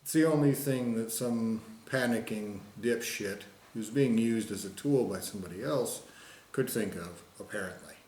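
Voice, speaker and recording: A vlogger with a lowish, slightly mellow voice rants angrily and profanely to camera at a moderate pace, hammering home repeated phrases. He mocks others in sing-song put-on voices, and the recording has a roomy echo.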